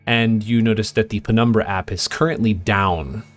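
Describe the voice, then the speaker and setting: A man's voice: on the low side, steady tone, moderate pace. A man running a tabletop sci-fi game as game master, describing scenes loosely with lots of fillers.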